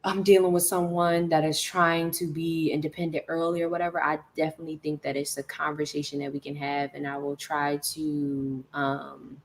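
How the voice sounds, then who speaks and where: A woman speaks as a guest in a casual livestream chat, earnest and conversational. Her voice is notably low for a woman. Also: flat delivery, normal speed, hardly any pauses, a little hiss or hum, poor audio. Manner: earnest, conversational, laughs often.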